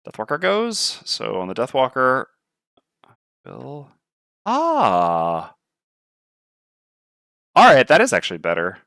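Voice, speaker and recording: A man's voice: mid-range voice, huge pitch swings, moderate pace, creaky, bright, forceful tone, no room sound, studio quality. A man playing a tabletop board game on stream, thinking aloud and weighing his moves. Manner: muttering, weighing options aloud.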